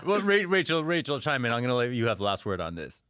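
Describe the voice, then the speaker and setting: A man's voice: mid-range voice, big pitch swings, fast, fairly bright tone, clean tone, no echo, studio quality. A man hosting a radio panel chat. He laughs often and steers the guests from topic to topic. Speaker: host.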